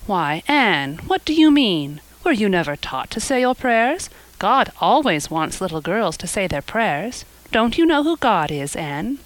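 A woman's voice: fairly low pitch, very animated, moderate pace, fairly bright tone, no room sound, poor audio. A woman voicing a strict, stiff older woman who admonishes a child, read in an audiobook. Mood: stern. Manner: stern, admonishing.

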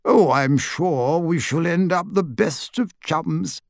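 A man's voice: high voice, sing-song, slow, dry recording, studio quality, voice pushed up, full character voice. A man doing a fussy, chirpy old wizard. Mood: bright. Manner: bright, flustered and earnest.

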